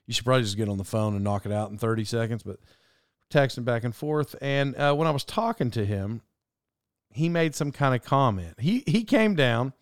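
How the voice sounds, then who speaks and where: A middle-aged man hosting a podcast, telling rambling personal stories in a casual, animated way and laughing at his own tale. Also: medium pitch, normal speed, clear, resonant tone, no room sound, studio quality. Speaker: podcast host. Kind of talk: casual storytelling monologue.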